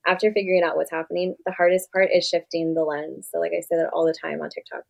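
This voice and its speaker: A woman therapist for veterans, chatting casually as a guest in an interview and telling stories in a quick, filler-heavy way. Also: lowish voice, level tone, gravelly, a little mellow, rough recording.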